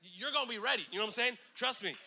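A man from California preaching a sermon with lots of energy, casual asides, repeated lines and slow, emphatic scripture reading. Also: extremely high pitch, pushed and bright. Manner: conversational asides like "you know what I'm saying".

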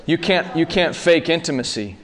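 A man's voice: a little high, expressive, normal speed, some chatter behind. Impassioned male preacher in his thirties. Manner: rising to loud impassioned peaks, calls to the audience. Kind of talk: sermon.

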